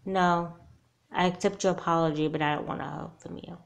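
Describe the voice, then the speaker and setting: A woman's voice: on the low side, steady tone, fairly quick, creaky. A woman voicing a wary, earnest young girl doll in a homemade doll movie, who speaks bluntly. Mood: guarded.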